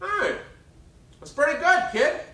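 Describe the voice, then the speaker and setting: A man on a stage voicing a booming, blunt older woman who is a musical stage star. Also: sing-song, takes it slowly, bright, forceful tone, heavily acted. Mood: hearty. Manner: blunt and brassy. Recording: roomy live stage sound from a distance.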